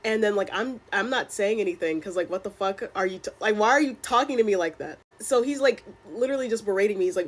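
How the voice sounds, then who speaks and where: A woman's voice: medium pitch, fast talker, hardly any pauses. A young woman casually telling a personal story, chatty and exasperated, with lots of filler words. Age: young adult.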